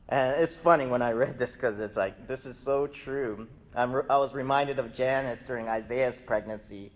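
A man preaching in an easygoing, chatty manner, with a voice that is neither high nor low. He wonders aloud, pauses on fillers and asks his listeners rhetorical questions. Now and then he laughs at his own asides. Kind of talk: conversational Bible teaching.

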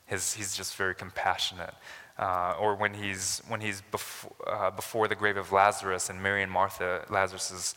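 Man, pastor, conversational sermon with emphatic climbs; bright, forceful tone; reverberant hall. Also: deep voice, level tone, moderate pace. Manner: conversational, builds to emphatic rises.

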